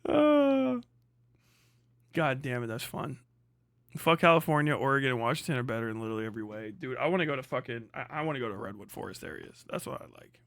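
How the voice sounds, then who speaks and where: On his livestream, a young male host rants with profanity and sarcasm, laughing a lot and responding to chat. His mid-range voice is sing-song, creaky and a bit bright, and he talks quickly. The audio is studio quality with no echo.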